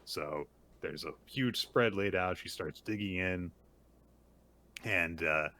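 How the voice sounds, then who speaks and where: A man casually recapping a manga chapter as a podcast co-host, retelling the story in a lively way. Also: deep voice, takes it slowly, a little hiss or hum. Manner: animated retelling with small acted quotes.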